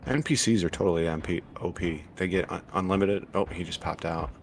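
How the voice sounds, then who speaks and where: Deep-voiced man chatting over gameplay. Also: a little fast, slight background noise. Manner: relaxed, explains tactics with many fillers and restarts. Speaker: gaming streamer. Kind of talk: casual gameplay commentary.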